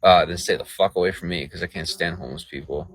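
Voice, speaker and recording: A man's voice: low voice, steady tone, fast talker, breathy edge, no room sound, rough recording. A man live-streaming outdoors at night in the rain, ranting in a profane and sarcastic way to his chat. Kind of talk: late-night livestream rant.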